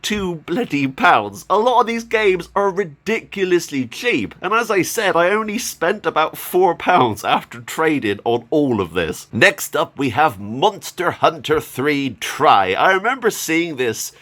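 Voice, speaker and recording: A man's voice: a little high, lively intonation, measured pace, hardly any pauses, fairly bright tone. A man talking casually in a vlog as he shows off a haul of games, chatty and enthusiastic, and he laughs often. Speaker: gaming YouTuber.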